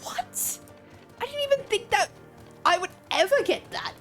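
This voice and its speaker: Young woman game streamer, high animated voice, excitable and swearing, faint music behind. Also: unhurried. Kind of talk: casual live-stream chat.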